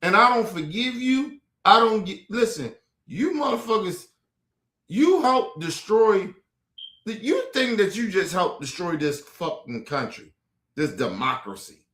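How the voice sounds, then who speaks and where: A man's voice: high-pitched, sing-song, measured pace, bright, forceful tone, echoey room. A man ranting about politics on a stream, heated, profane and repetitive. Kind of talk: ranting commentary. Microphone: streaming mic.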